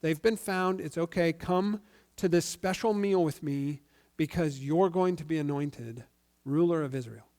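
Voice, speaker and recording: A man's voice: a little high, measured pace, darkish tone. A man voicing Samuel the seer as a casual, reassuring older man.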